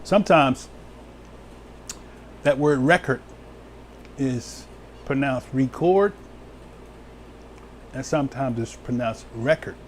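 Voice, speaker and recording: A man preaching as an elder, reading scripture slowly and talking casually with his listeners. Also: medium pitch, a little hiss or hum. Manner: slow, drawn-out scripture reading with sudden whoops and laughs; casual, talks to viewers live.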